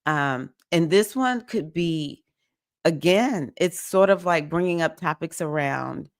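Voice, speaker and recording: This livestream host and astrology reader speaks slowly in a low voice with lively intonation. The recording is dry and studio quality, and she chats emotionally, calling out viewers by name while covering the week's astrology.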